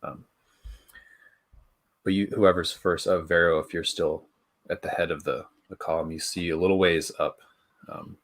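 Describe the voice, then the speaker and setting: Very deep-voiced man running a game. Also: steady tone. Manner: halting, many fillers and restarts. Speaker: game master. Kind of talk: narrating a tabletop game.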